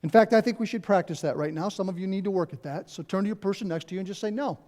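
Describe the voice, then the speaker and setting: A man's voice: high voice, very fast, a little mellow. A middle-aged man, a pastor, preaching a conversational sermon in a church, repeating key phrases and adding asides. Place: church sanctuary.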